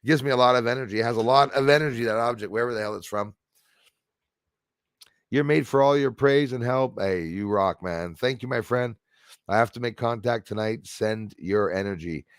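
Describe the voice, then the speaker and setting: A man hosting a casual livestream, rambling excitably and answering viewers' comments aloud. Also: lowish voice, a little fast, clean tone, dry recording, studio quality. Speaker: livestream host.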